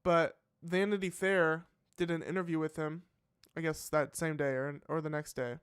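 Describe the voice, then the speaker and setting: A man's voice: fairly high pitch, level tone, moderate pace, smooth, no room sound, studio quality. A man hosting a live reaction show, thinking aloud in casual commentary with many fillers and restarts. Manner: musing, hesitant, full of fillers and restarts.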